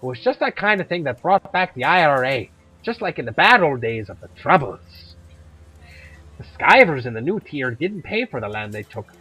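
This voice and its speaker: A man voicing a tough middle-aged Irish woman who hunts monsters, with a put-on Irish accent that drifts toward Scottish and a blunt, gruff, chatty way of talking. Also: on the high side, very animated, normal speed, sharp tone, soft background music, full character voice, low-quality recording.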